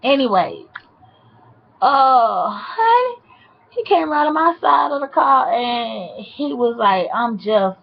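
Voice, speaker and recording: A sassy woman spins a casual story with lots of animated asides, her voice sitting a little high. The recording is dull and lo-fi. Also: slow, vocal fry. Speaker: vlogger.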